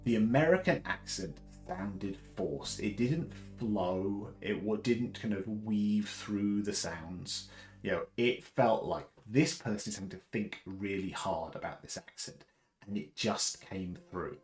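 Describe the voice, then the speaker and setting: A man from the south of England with a deep baritone voice, chatting casually and rambling with many fillers and restarts. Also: a little slow, soft background music, rough recording. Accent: Southern English. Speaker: host. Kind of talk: casual live chat.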